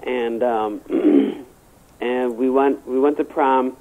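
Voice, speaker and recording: A man's voice: mid-range voice, steady tone, extremely slow. A man telling a rambling, crude personal story in casual chat, stammering and restarting often. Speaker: guest. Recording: tinny phone line.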